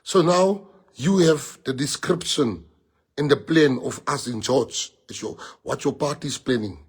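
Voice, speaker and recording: A man's voice: mid-range voice, unhurried, husky. A middle-aged South African man with a South African accent, leading his party and rallying supporters on a livestream, emphatic and repetitive, dropping in Afrikaans phrases. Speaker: party leader.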